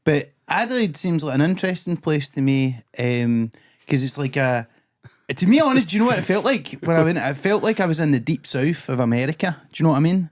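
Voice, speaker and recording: A man's voice: on the high side, sing-song, a little fast. A man with a Scottish accent co-hosting a podcast in easygoing casual chat, dropping local slang. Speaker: podcast co-host.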